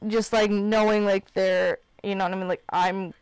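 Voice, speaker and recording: A young woman in her twenties from Illinois chatting on a live stream. Her voice is smooth and clear, and the sound is dry and close. She talks in loose, rambling runs full of fillers, open and candid with her viewers. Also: medium pitch, little pitch movement, moderate pace, darkish tone, no room sound. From Illinois, United States. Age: 20s. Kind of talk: casual live-stream chat.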